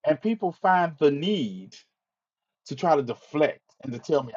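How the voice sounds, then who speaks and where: Live-stream host, male, angry and weary monologue with swearing, slightly high voice, dull audio. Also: very animated, a little slow, darkish tone, slightly rough. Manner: exasperated ranting with repeated phrases and swearing.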